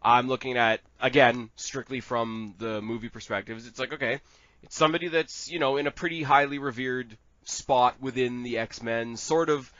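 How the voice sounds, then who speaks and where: A man's voice: medium pitch, steady tone, normal speed, a bit bright, no echo. A man in a casual fan-casting chat, rambling and crude, laughing often. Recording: dull lo-fi sound.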